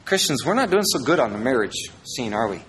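A pastor from Iowa preaching a sermon, reading verses and adding jokey asides, swinging between loud and quiet. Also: male voice, medium pitch, big pitch swings, a little fast, big-room sound, slight background noise, rough recording.

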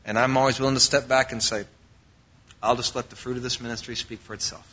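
A man's voice: mid-range voice, little pitch movement, quick pace, pushed and bright, highs cut off, a little hiss or hum. A man preaching a sermon as pastor, quoting scripture and explaining it with frequent fillers and restarts.

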